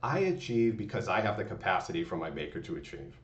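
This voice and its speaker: A man's voice: deep voice, wildly swooping pitch, fast talker. A man hosting a motivational channel, giving a rambling, folksy pep talk full of fillers and restarts. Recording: distant, roomy, dull lo-fi sound.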